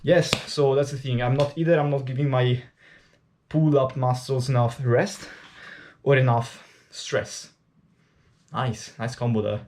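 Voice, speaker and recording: A man's voice: medium pitch, steady tone, unhurried, a little mellow, slight background noise. An Italian man, a native Italian speaker, chatting casually and candidly to camera during his workout, rambling and swearing freely. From Italy. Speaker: fitness vlogger.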